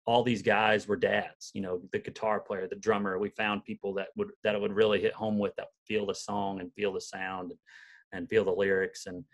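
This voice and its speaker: Young male country singer, twang, lowish pitch, earnest folksy guest telling stories. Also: little pitch movement, normal speed. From Southern Illinois, USA. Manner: earnest, folksy, rambling storyteller. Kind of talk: casual podcast interview.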